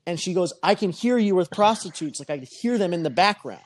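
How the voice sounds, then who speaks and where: Profane, animated man telling a story. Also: sits high, fast talker, no echo. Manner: profane, animated, acts out quoted voices. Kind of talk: casual podcast storytelling.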